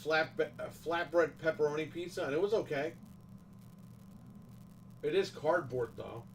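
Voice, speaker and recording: A man rants in casual livestream chat, swearing freely and hammering his complaints home. His voice sits somewhat high. He sounds a little set back from the microphone. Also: unhurried, creaky, distant mic, slight background noise, rough recording. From New York, USA. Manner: profane, ranting, emphatic complaints. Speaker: livestream host.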